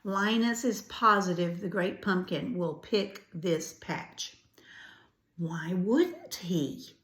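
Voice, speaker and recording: Slow older woman reading a storybook. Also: lowish voice, lively intonation. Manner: gentle, adds chatty asides. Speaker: grandparent storyteller. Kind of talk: storybook read-aloud. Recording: roomy echo.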